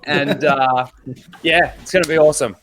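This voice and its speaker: A man's voice: on the high side, fairly even intonation, moderate pace, fairly bright tone. Enthusiastic man co-hosting. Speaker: co-host, streamer. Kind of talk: casual chat.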